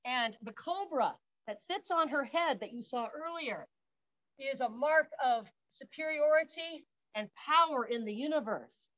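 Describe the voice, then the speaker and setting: Leading an outdoor workout, a woman park guide speaks a little slowly in a high, animated, fairly bright voice. Upbeat though a little breathless, she counts reps aloud and cheers as she demonstrates, with dull-sounding audio.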